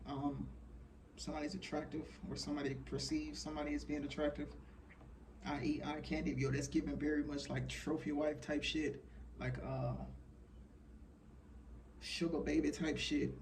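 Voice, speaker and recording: A man in his thirties talks in a loose, blunt way, cursing freely and circling back on his thoughts. His voice sits a little high for a man. He is heard from some way off the mic, with a faint hiss of noise behind him. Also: little pitch movement, normal speed, pauses often, far from the mic. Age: 30s. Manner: frank, profane, rambling with fillers. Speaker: channeler sharing messages. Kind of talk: casual monologue.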